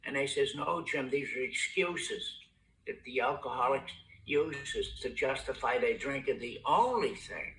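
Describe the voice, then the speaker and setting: Older man, recovery meeting testimony, blunt, heavy swearing, stammers and repeats, forceful voice, echoey room. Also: mid-range voice, animated, measured pace. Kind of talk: personal testimony talk.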